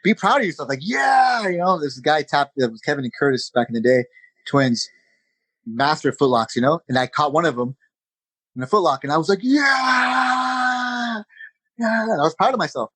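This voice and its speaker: A man, a jiu-jitsu instructor, chatting as a podcast guest in an energetic, conversational way, with lots of "you know" and "man.". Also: mid-range voice, fast, breathy edge, dry recording, rough recording. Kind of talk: casual interview chat.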